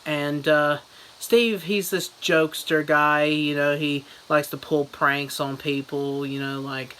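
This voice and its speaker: A man's voice: a little high, flat delivery, takes it slowly, bright, forceful tone, slight background noise, rough recording. A man giving a goofy, rambling mock book review as a comedy vlogger.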